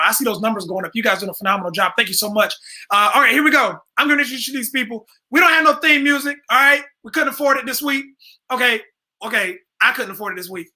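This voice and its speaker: A man hosting a live stream, playful and hyped, shouting out his guests' introductions. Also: high-pitched, low-quality recording. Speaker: host.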